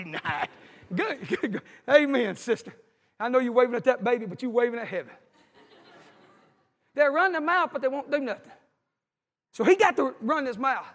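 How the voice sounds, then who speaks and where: A man's voice: very high voice, brisk, pauses often, fairly bright tone. A man preaching a fervent, folksy sermon and calling out to his congregation. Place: church with a congregation. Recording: echoey hall.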